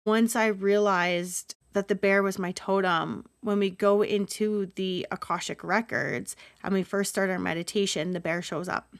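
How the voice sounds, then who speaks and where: A woman's voice: mid-range voice, a bit bright, smooth, no echo, clean studio sound. A woman hosting a solo spiritual podcast as a Reiki healer, talking in an earnest, emotional and rambling way with many asides.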